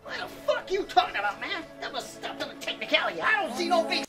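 A swaggering, foul-mouthed young boxer, as a man acts him out, taunting in a high, strained voice that swings widely. Loud music plays behind him in this comedy sketch. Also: sing-song, fast. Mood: indignant. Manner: swearing, taunting, shouting. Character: foul-mouthed male boxer, young adult, cocky and aggressive.

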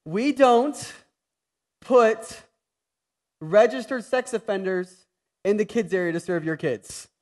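High-voiced man preaching with swings in volume. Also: takes it slowly, long pauses. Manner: swings between loud emphatic and soft confessional. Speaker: pastor. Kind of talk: sermon.

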